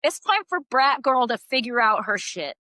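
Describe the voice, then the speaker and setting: A woman co-hosts a book podcast in casual, unfiltered chat. Her voice is bright and a little high, her opinions are blunt, and she swears freely. The sound is dry and close. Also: very animated, normal speed, no echo. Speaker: podcast co-host.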